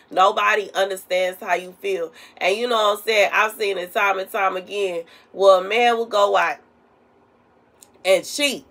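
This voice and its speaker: A woman's voice: mid-range voice, a bit bright. A woman sharing a prophetic message in a casual, rambling way, full of conversational asides. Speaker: prophetic minister.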